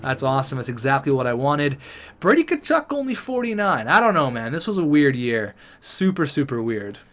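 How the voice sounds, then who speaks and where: A man giving casual, excitable commentary over a hockey video game, chatty and upbeat as he talks through the results. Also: medium pitch, a little fast. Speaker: gaming YouTuber.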